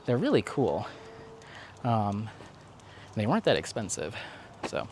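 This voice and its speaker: A man hosting a casual vlog outdoors at a park, chatty and animated, laughing often as he talks. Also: lowish voice, measured pace, slight background noise. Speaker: vlog host. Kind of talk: casual walk-and-talk vlog chat.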